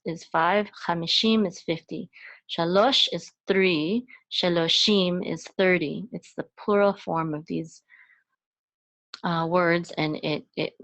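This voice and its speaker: A woman gives a slow, step-by-step Hebrew lesson, patiently explaining each letter and sound and chanting phrases in a sung voice. Her pitch is fairly low and her tone fairly bright.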